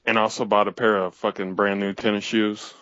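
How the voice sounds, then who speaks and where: A man's voice: on the low side, little pitch movement, brisk, fairly bright tone, dry recording, highs cut off. A man co-hosting a comedy talk show, chiming in casually with extra details in a laid-back way.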